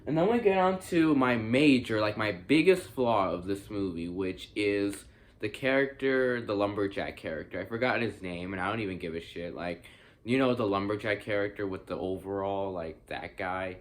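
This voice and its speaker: A man's voice: lowish voice, moderate pace. A young man giving a casual spoken movie review, rambling with many fillers and restarts and swearing freely.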